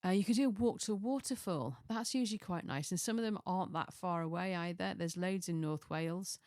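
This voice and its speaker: A woman's voice: fairly low pitch, fairly quick, darkish tone, dry recording, clean studio sound. A middle-aged woman from Chester, chatting casually through a list of ideas, rambling and restarting with chuckling asides. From Chester, England. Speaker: lifestyle vlogger.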